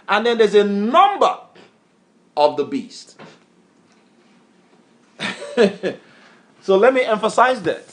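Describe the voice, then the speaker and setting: A man preaching and teaching scripture, emphatic, quizzing his reader with repeated questions in a call-and-response style. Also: sits high. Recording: echoey room.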